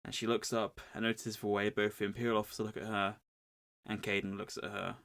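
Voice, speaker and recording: Deadpan man recapping a story. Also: on the low side, brisk, gravelly. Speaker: podcast co-host. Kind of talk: casual book recap.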